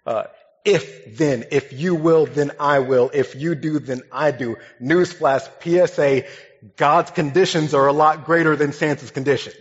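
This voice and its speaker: A young man, a pastor, gives a sermon built on a funny childhood story, talking in a relaxed, conversational way. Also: on the high side, unhurried. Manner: humorous, conversational, lively storytelling. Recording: dull sound with long hall reverb.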